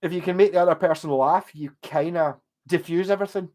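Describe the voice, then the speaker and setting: A man's voice: high-pitched, quick pace, darkish tone. A man with a posh Glasgow accent, rambling and swearing casually as he chats on a livestream. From Scotland. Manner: chatty, swears, wanders between stories. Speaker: livestream host.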